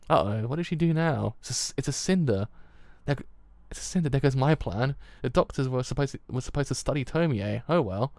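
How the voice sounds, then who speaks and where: Gravelly young British man reacting live. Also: mid-range voice, sing-song, brisk, no room sound. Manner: casual, joking asides. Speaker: streamer reading manga aloud.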